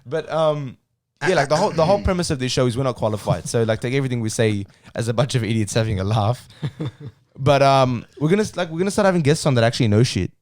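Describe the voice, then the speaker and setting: A man's voice: mid-range voice, fast talker, darkish tone, no room sound, studio quality. A young man, co-hosting a podcast in a rambling, self-mocking casual chat. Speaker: podcast co-host.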